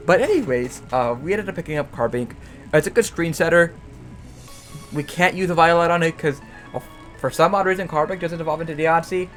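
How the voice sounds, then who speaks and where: A man's voice: on the high side, brisk, a bit bright, faint music behind. A young man casually talking through his team picks, rambling and stumbling over repeated words with self-mocking jokes. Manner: self-mocking, jokey asides. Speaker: YouTuber and league coach. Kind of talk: casual draft analysis commentary.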